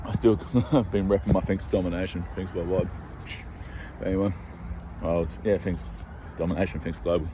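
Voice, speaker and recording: A man's voice: deep voice, steady tone, moderate pace, pauses often, background noise. An Australian man rambling on edge in a monologue, swearing heavily and sounding scared as he paces outdoors. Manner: rambling, agitated, heavy swearing. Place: outdoors on a city street, walking and pacing.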